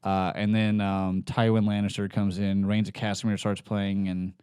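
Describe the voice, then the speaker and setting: A man's voice: on the low side, little pitch movement, normal speed, mellow, clean tone, no echo, studio quality. A man co-hosting a podcast in casual chat, rambling and laid-back, swearing now and then. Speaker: podcast co-host.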